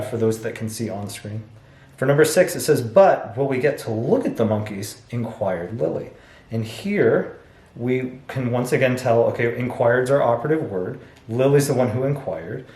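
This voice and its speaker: A man's voice: medium pitch, darkish tone. Man explaining an English lesson, echoey room. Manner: explains step by step, reading example sentences aloud with pauses and self-corrections. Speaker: English teacher. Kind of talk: recorded lesson.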